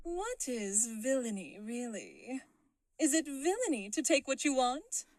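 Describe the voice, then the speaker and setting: Brief: woman as haughty villainess, slow and brooding, higher voice. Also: big pitch swings, no echo, studio quality. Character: proud, scheming adult villainess.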